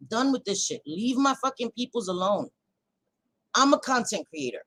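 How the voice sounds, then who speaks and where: A woman hosting a livestream, ranting to her chat in a heated, profane casual way that swings between loud outbursts and quieter stretches. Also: a little high, lively intonation, normal speed, poor audio. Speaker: livestream host.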